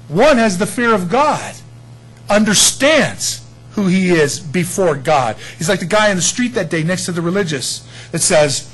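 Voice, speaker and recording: A man preaching a sermon in an animated, conversational way, acting out short quotes. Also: a little high, moderate pace, slightly rough, poor audio.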